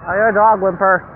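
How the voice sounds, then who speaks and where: Very high-voiced excitable young man. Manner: excitable, laughs often, whoops at bursts. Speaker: YouTuber filming a fireworks show. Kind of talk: casual handheld commentary. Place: outdoors at a street fireworks show. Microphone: handheld phone camera. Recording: tinny phone audio with loud firework noise.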